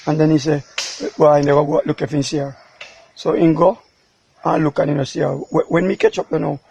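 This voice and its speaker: A man's voice: a little high, gravelly, darkish tone, a little hiss or hum. A man with a Jamaican accent, a father recounting in an interview how his daughter went missing, rambling in patois. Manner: rambling, emotional retelling in patois.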